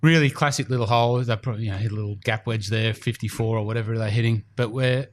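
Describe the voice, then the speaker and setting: A man's voice: fairly low pitch, steady tone, quick pace. A man hosting a casual podcast in an indoor golf studio, chatty and rambling with fillers. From Australia. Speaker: podcast host.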